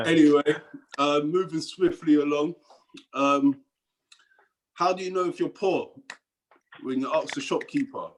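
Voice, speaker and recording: A man's voice: a little high, measured pace, long pauses, a little hiss or hum, rough recording. A man with a Cockney accent doing a rambling stand-up set over a video call, dropping into mumbled asides and chuckling at his own jokes. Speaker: stand-up comedian.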